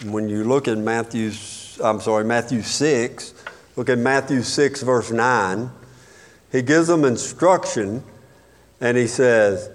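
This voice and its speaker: A man's voice: mid-range voice, slow pace. A man preaching a sermon as a pastor, emphatic, with sudden rises and drops in his voice. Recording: long hall reverb.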